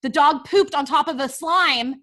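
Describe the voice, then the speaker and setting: A woman hosting a casual parenting interview, telling stories in an animated way and laughing often. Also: sits high, unhurried. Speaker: podcast host.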